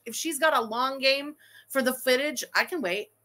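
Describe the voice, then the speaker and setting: Bright, high-voiced, profane woman streamer. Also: normal speed. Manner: profane, animated, ranting. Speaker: livestream host reading super chats. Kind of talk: casual livestream chat.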